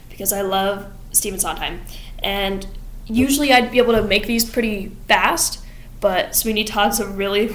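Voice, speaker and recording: A young woman in her late teens, a theater student, excitedly rushing through a plot recap with rambling asides. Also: medium pitch, reverberant, slight background noise. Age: young adult. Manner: excited, rushed, rambling with fillers and laughs. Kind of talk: fast plot recap vlog.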